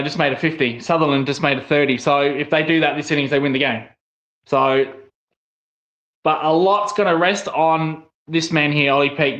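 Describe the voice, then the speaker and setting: A fairly high-voiced Australian man from South Australia calls a cricket match live on his stream. He chats casually to viewers and his voice leaps up with excitement when a wicket falls. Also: dull audio. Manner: excitable, rises sharply on wickets. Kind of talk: casual live watchalong commentary.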